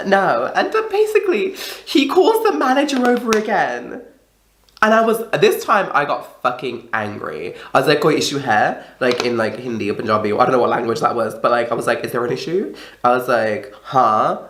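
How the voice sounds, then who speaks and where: A woman's voice: a bass voice, expressive, moderate pace. A young woman telling a story in a casual, chatty vlog, swearing often and acting out the people she quotes. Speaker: vlogger. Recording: echoey room.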